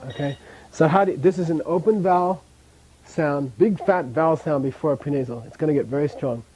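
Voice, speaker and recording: On a low-quality recording, a male language instructor runs pronunciation drills, repeating sounds and checking in with the class. His somewhat high voice moves a little fast and tends to go quiet at the close of phrases.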